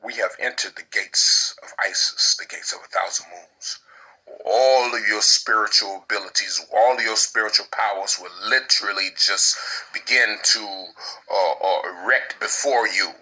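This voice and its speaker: Husky, forceful male preacher. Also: fairly low pitch, normal speed, rough recording. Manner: repetitive, incantatory phrasing with crude slang. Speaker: spiritual preacher. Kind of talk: impassioned spiritual preaching.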